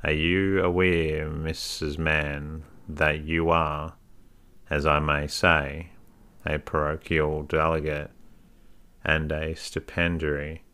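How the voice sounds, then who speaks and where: A man's voice: a bass voice, level tone, takes it slowly, bright, forceful tone, clean tone, heavily acted. A man voicing a fat, pompous, self-important parish official in a bedtime story, orotund and lecturing. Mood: indignant.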